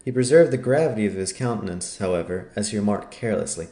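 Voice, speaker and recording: Low-voiced male audiobook narrator. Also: lively intonation, warm tone, reverberant. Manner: measured storytelling. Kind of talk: scripted narration.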